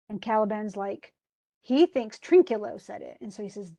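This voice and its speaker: A woman's voice: medium pitch, moderate pace, warm tone. A woman teaching, casually retelling a play and paraphrasing it in modern everyday speech. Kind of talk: casual literature lesson.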